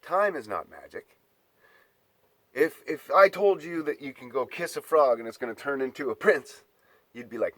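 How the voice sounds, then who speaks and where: A man's voice: mid-range voice, animated, normal speed, fairly bright tone, no echo. A man delivering an exasperated, profane ranting monologue, mocking his listeners.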